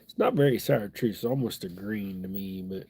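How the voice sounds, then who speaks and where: A man's voice: on the low side, normal speed, mellow, a little hiss or hum. A middle-aged man with a stuffed-up nose, chatting in a folksy, rambling way while hosting a live fly-tying stream. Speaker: fly-tying livestream host.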